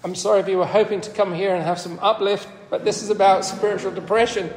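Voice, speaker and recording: High-voiced man preaching in an echoey hall. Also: steady tone, fast talker, few pauses, noisy background. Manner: earnest, conversational, quotes scripture with rising emphasis. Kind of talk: sermon. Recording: echoey hall, long reverb.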